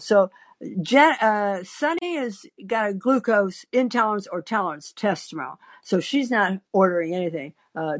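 A woman hosting a call-in podcast, telling a rambling, anecdotal story full of fillers and restarts. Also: mid-range voice. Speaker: podcast host.

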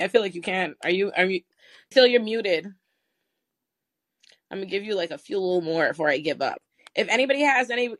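A woman from the West Indies hosting a live call-in podcast, an attorney who talks in an animated, teasing, slangy way. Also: medium pitch, no room sound. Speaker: host and attorney.

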